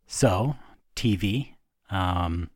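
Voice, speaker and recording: A woman's voice: expressive, dry recording, studio quality. A woman co-hosting a podcast, chatting casually with lots of fillers and restarts. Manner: low-pitched, halting, many fillers. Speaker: podcast co-host. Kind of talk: casual chat.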